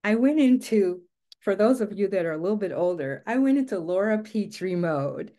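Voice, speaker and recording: Earnest woman telling her story, mellow voice. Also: medium pitch, animated, normal speed. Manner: earnest, emphatic, rhetorical questions. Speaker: guest speaker. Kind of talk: personal storytelling.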